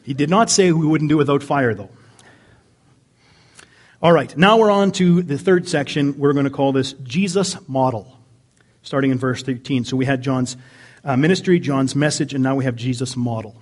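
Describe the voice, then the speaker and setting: A man preaching a sermon as pastor, animated, swinging from near-yelling down to quiet asides. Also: mid-range voice, moderate pace. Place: church sanctuary.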